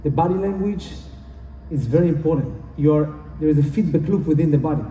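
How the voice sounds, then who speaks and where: Animated and a little fast, this man's fairly high but dark-toned voice carries a motivational talk through a conference hall. He's recorded from a distance in the echoing room, with slight background noise. His speech is earnest and repetitive, marked by non-native phrasing.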